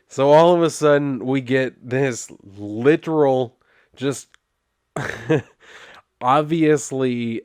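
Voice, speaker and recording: A man's voice: medium pitch, dry recording, clean studio sound. Sarcastic, exasperated man reviewing comics. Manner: sarcastic and exasperated, with rambling fillers. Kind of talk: casual recap and review.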